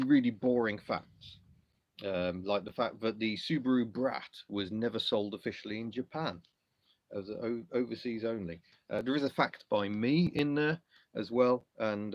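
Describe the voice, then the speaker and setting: A man's voice: fairly low pitch, a little mellow, no echo, dull audio. A man from England hosting a car livestream, reading out and answering viewer questions in a chatty, self-deprecating way with lots of ums. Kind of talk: casual live chat reading comments.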